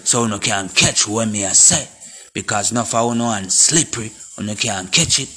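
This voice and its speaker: A man's voice: lowish voice, fairly quick, faint music behind. A man with a Jamaican accent giving a confrontational, preachy monologue in patois. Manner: forceful and confrontational. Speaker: vlogger. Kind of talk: impassioned monologue to camera.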